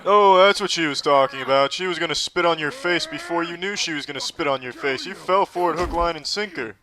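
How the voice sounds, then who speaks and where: A man hosting casual gameplay commentary, sarcastic and profane with deadpan jokes. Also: fairly high pitch, fairly quick. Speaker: host reacting and playing a game.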